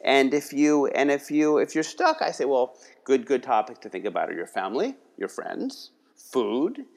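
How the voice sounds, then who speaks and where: A man's voice: medium pitch, sing-song, normal speed, gravelly, a little mellow. A man from the Philadelphia area talking casually in an interview, rambling with many restarts and tags like "you know" and "right". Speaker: guest, writing workshop leader.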